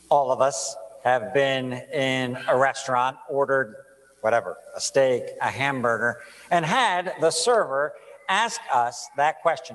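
A man preaching a sermon as pastor, reading scripture, praying and asking his listeners rhetorical questions in a measured way. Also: mid-range voice, expressive, fairly bright tone. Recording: long reverb of a large room.

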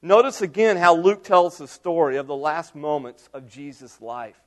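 A middle-aged man preaching a sermon, telling the story with dramatic swings from loud cries to hushed, near-whispered lines. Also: a little high, animated, normal speed. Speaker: pastor.

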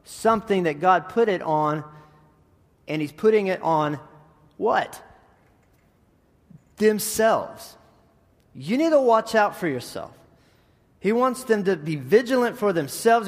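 Animated preacher man in a reverberant hall. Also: high-pitched, unhurried, long pauses. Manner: conversational, animated preaching with many restarts and asides. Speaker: preacher and middle school teacher. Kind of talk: sermon.

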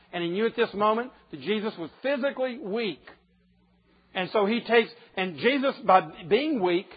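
A man's voice: sits high, lo-fi sound. A man preaching a sermon, emphatic and pressing his listeners with rhetorical questions.

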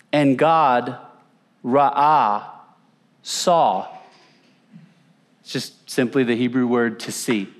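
A man teaches from scripture in a relaxed, conversational way. He puts questions to his listeners and leans on repetition to drive a point home. His voice sits at an ordinary middle pitch. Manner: conversational, asks the audience questions, repeats words for emphasis. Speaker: Bible teacher. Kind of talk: teaching sermon with slides.

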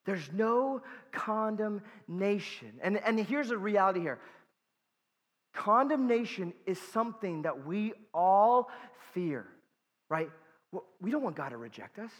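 A man preaching a sermon with a high, ringing voice that carries a long hall echo. He is earnest and emphatic, leaning on repeated words, and he breaks in with casual, conversational asides. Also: fairly bright tone. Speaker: pastor.

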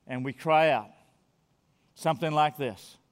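A man preaching a sermon as pastor, earnest and emphatic, often dropping to a soft near-whisper. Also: on the high side, a little slow, big-room sound.

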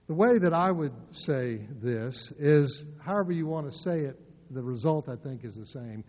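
An older man preaching a sermon, telling stories and swinging between soft asides and loud, emphatic lines. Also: fairly high pitch, lively intonation, normal speed. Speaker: pastor. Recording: dull sound with long hall reverb.

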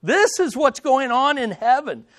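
A man's voice: very high voice, sing-song, a little slow, fairly bright tone. A man preaching a sermon as pastor, with emphatic swells and dramatic readings of scripture quotes.

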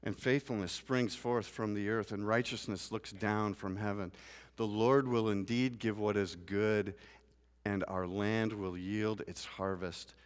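A man's voice: lowish voice, fairly even intonation, a little slow. Preaching man in a reverberant church. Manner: builds from quiet scripture reading to loud, rising preaching. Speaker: pastor. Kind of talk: sermon. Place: church sanctuary.

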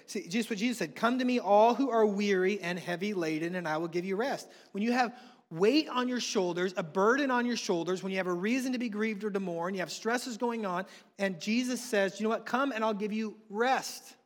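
A man, preaching a sermon with passion, swinging between hushed and loud. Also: high voice, fairly quick. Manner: impassioned, swings from soft to loud. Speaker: pastor. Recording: long reverb of a large hall.

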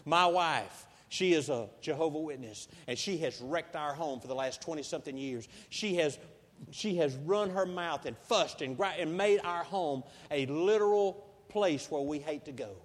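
A preacher with a high voice tells his stories in a homespun, folksy way. He swells into loud, emphatic passages as he drives each point home. His voice carries through a big church hall with a long, ringing reverb. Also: moderate pace. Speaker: pastor. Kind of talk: sermon.

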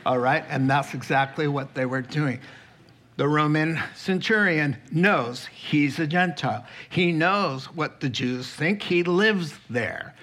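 A male preacher with a slightly high voice, delivering a sermon at a slow, deliberate pace. He acts out scripture scenes in dialogue and jumps into sudden raised, emphatic lines. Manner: animated, acts out biblical figures in dialogue.

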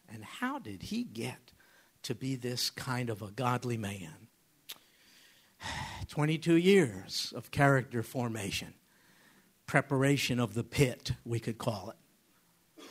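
Husky-voiced man preaching with lively pitch. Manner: dramatic, questioning the listeners. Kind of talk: sermon.

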